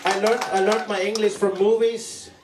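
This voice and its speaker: A man with an Icelandic accent does a stand-up set in a deadpan, halting way, restarting his sentences. His voice sits fairly high. He is heard from a distance in a roomy club over a loud audience. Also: a crowd in the background, noisy background. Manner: deadpan, halting delivery with frequent restarts and fillers. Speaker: stand-up comedian. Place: comedy club stage. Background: audience laughter.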